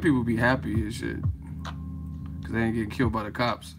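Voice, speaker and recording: A man hosting a live show, talking casually with a profane, animated manner and frequent laughter. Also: mid-range voice, brisk, over music. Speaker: host.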